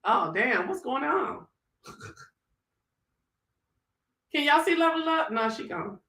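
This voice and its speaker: A live-stream host chatting casually with viewers, animated and swearing freely, talking into a phone. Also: sits high, slow pace.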